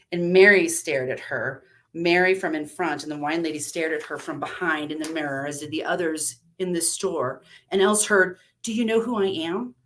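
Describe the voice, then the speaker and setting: Woman reading a dark story aloud. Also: low-pitched.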